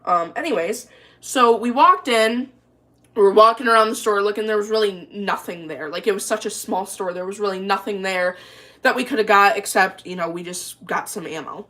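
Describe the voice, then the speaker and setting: A woman's voice: mid-range voice, normal speed, pushed and bright. A young woman telling a story in a casual, rambling way, full of "like" and restarts, while cooking in her kitchen. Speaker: vlogger.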